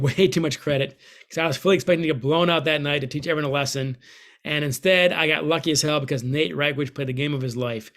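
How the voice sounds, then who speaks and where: Animated American man telling a story. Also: fairly high pitch. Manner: lively, animated storytelling with sudden loud bursts. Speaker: author and former hockey coach. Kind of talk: storytelling book talk. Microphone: home video call.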